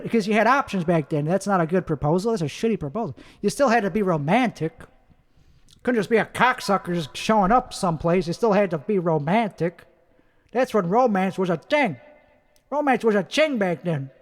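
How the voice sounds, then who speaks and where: Brash high-voiced man ranting profanely. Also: expressive, moderate pace, in a large hall. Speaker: comedian. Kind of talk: karaoke singing and crude comic rant. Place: karaoke bar.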